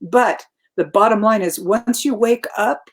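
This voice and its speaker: A woman's voice: medium pitch, measured pace, breathy edge. A woman speaking as a guest on a spiritual talk show. She talks in a reflective, searching way, repeats words as she gathers her thoughts, and laughs easily.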